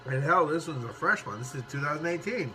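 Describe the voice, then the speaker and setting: A man tasting and reviewing beer in a casual vlog, excitable and rambling, swearing freely and a bit tipsy after several beers. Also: fairly high pitch, brisk. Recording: music playing clearly behind the voice.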